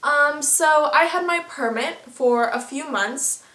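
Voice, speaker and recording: A teenage girl vlogger telling a story in a chatty, filler-heavy, animated way. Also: sits high, slow pace, echoey room. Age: teens. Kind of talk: casual storytelling.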